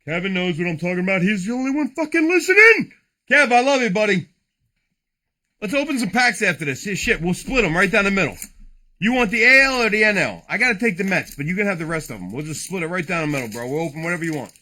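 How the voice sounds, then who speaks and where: A man's voice: high-pitched, lively intonation, quick pace, bright, forceful tone. A man hosting a late-night card break, joking, rambling and swearing as he opens packs. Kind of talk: casual livestream card break.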